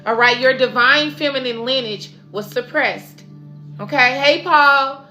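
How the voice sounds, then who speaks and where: Speaking high and sharp at a measured pace, a spiritual reader gives her audience an oracle card reading. She's emphatic and preachy, mixing in casual slang, with music playing behind her.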